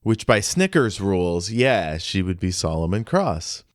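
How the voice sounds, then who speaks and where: A man co-hosts a podcast about a film, speaking slowly with a low-pitched voice. He jokes in a dry, offhand way. The recording is close and dry, with no room sound. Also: sing-song, no echo. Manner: slow, dry and joking. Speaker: podcast co-host. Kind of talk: casual film discussion.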